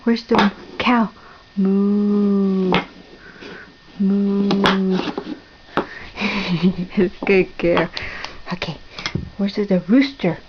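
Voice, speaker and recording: A mother coaching her small daughter through a puzzle at home, with slow, sing-song praise that drops to whispers. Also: medium pitch. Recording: dull lo-fi home video with faint noise.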